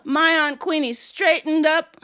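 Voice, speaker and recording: A woman storyteller telling a story in an animated, expressive way with frequent chuckles. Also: high voice, unhurried, very noisy.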